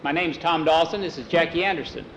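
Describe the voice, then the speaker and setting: A man voicing Tom, a calm and steady cowboy hero in a western story. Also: fairly high pitch, quick pace, dull audio, a little hiss or hum, lightly acted. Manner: calm, matter-of-fact.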